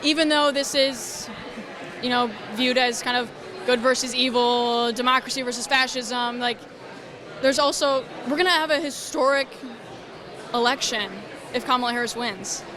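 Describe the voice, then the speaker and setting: A woman's voice: on the high side, fairly even intonation, moderate pace. Earnest young woman, crowd behind. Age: 20s. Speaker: interviewee. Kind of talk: street interview. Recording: street interview with a crowd behind.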